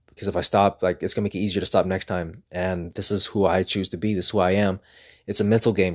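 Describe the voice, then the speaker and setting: A man's voice: lowish voice, fast talker. A man talking earnestly in a casual motivational vlog, rambling and repeating himself as he pushes himself on. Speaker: vlogger.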